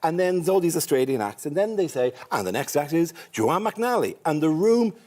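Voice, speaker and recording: A man's voice: a little high, big pitch swings, brisk, warm tone. A middle-aged man with an Irish accent, a chat show guest telling rambling comic anecdotes full of restarts. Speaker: guest comedian. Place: TV studio with live audience. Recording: studio audience audible.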